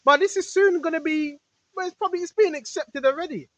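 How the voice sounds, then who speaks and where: The low-quality, echo-free recording catches a woman's very high voice at a quick pace. As a preacher, she rambles through a spiritual monologue aimed straight at her listeners, repeats herself, fires off rhetorical questions, and sometimes yells rebukes at spirits.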